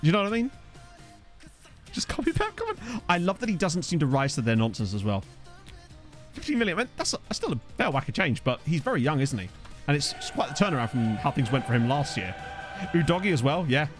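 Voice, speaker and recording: A man's voice: a little high, huge pitch swings, brisk, soft background music. A young man casually chatting to his live chat while playing a game, rambling and reacting as he goes, into a desktop microphone. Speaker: gaming streamer. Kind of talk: casual live-stream commentary. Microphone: desktop USB microphone.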